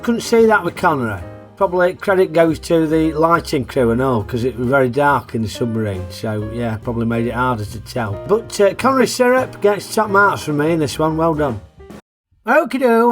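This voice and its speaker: A man, hosting a casual, jokey film review in a chatty, plain-spoken way. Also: on the high side.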